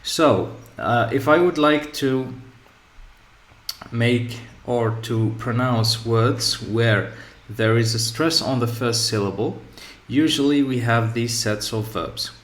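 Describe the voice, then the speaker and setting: Male teacher, measured slow delivery, mid-pitched, repeats example words, echoey classroom sound. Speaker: English teacher. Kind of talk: grammar lesson. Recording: echoey room.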